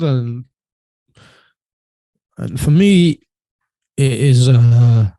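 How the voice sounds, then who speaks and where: A man telling a personal story as a podcast guest, halting and hesitant, often trailing off quietly. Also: medium pitch, no room sound.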